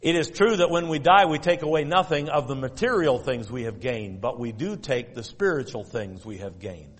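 A man delivering a sermon, teaching in a measured, emphatic way and repeating key phrases. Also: mid-range voice, lively intonation, breathy edge, in a large hall. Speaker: preacher.

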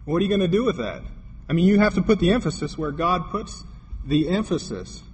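A man's voice: high voice, sing-song, fairly quick, a little mellow. A man preaching a sermon, telling a story with quoted dialogue and building to emphatic points. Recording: long hall reverb, faint noise.

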